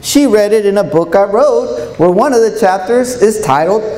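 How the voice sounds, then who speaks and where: A man giving a storytelling speech to an audience of educators in a large hall, speaking in an animated way and acting out quoted voices. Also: high voice, moderate pace. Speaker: keynote speaker. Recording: echoey hall, faint room noise.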